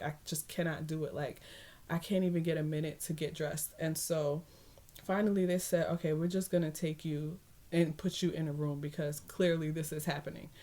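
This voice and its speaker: A woman's voice: sits low, mellow. A young woman vlogger telling a personal story in a casual way, laughing often and acting out the voices of people she quotes.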